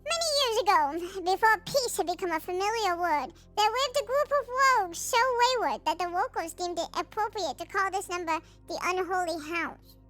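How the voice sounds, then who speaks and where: A woman's voice: very high voice, lively intonation, normal speed, fairly bright tone, faint music behind. A woman doing a solemn, dramatic storybook narrator voice while reading aloud.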